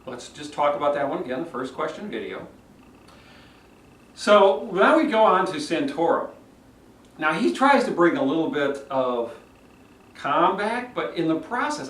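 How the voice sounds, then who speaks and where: Animated male speaking coach, roomy sound. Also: fairly high pitch, moderate pace. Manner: animated, demonstrates delivery himself. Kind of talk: video critique of speeches. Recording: roomy echo, mic at a distance.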